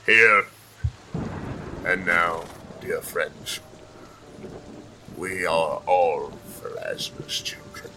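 A man voicing a male priest who leads a funeral with a slow, formal liturgical delivery, in a tabletop game. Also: low voice, bright, forceful tone, soft background music, voice pushed down, full character voice, rough recording. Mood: solemn.

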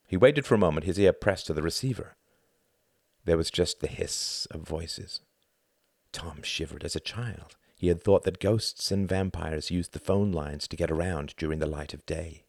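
A man narrating an audiobook with an expressive, animated reading. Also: sits low, moderate pace, creaky, dry recording, clean studio sound.

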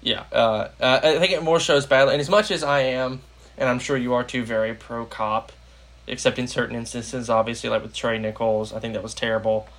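A man's voice: medium pitch, steady tone, a little fast, a bit bright. A young American man hosting a casual political podcast, rambling with lots of fillers. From United States. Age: young adult. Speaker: podcast host.

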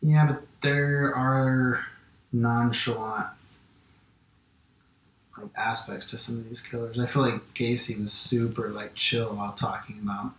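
A woman co-hosting a casual true-crime podcast, chiming in with relaxed, dry remarks. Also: extremely low pitch, unhurried. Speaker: podcast co-host. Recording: roomy echo.

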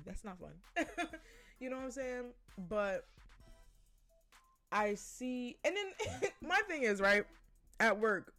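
A woman hosting a podcast, giving her opinions in a blunt, profane, casual monologue and laughing often. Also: medium pitch. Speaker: podcast host.

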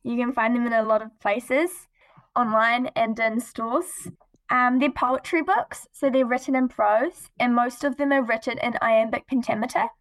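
A teenage girl with a fairly high voice talks about her writing as a podcast guest. She sounds polite and earnest and giggles now and then. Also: steady tone, moderate pace, fairly bright tone. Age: teens. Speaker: guest, young poet. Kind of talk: casual interview chat.

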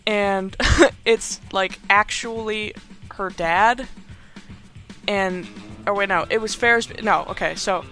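A man's voice: sits high, steady tone, slow pace, pushed and bright, faint music behind. A man hosting a podcast, casually recapping a movie in a rambling, chatty way with frequent laughs. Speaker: podcast host. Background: movie soundtrack playing faintly.

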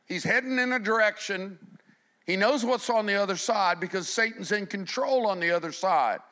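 A middle-aged male pastor delivers a sermon in a bright, fairly high voice. He preaches with animation, rising to loud emphasis and then dropping to hushed, quiet passages. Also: moderate pace.

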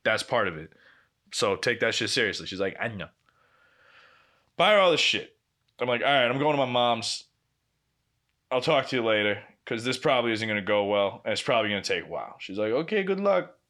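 A podcast co-host tells a long, casual anecdote full of quoted dialogue, swearing and laughing as he goes. His voice is on the low side, animated, fast, and sharp in tone.

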